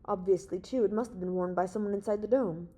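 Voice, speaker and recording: A commanding young space hero, read by a woman in a warm, mellow tone. He builds his argument step by step, persuasive and sure of himself, as in a storybook reading. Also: medium pitch, fast, husky, close to an everyday voice. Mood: confident, reasoning. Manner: reasoned, persuasive, authoritative.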